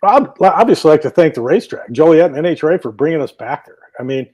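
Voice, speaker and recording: Speaking quickly and with animation, a drag racing driver rambles happily through stories as a guest on a casual talk show via video call. His pitch is fairly high, with a darkish tone and a breathy edge.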